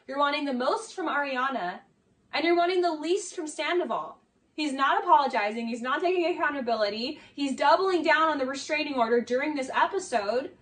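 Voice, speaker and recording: High-pitched sarcastic young woman commentator. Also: animated, brisk, fairly bright tone, far from the mic. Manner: sarcastic, exasperated, lots of "like". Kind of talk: casual video essay commentary.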